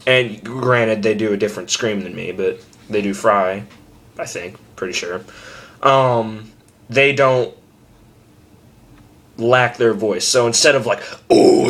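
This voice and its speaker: Self-deprecating and relaxed, a young man with a medium-pitched voice rambles through a casual screaming lesson, now and then letting out abrupt, loud example screams.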